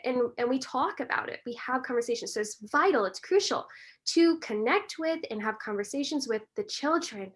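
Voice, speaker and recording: A woman, a breathwork and meditation teacher, talking earnestly and warmly as a podcast guest in a reflective, gently spiritual way. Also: high-pitched, animated, moderate pace. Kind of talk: reflective conversational talk.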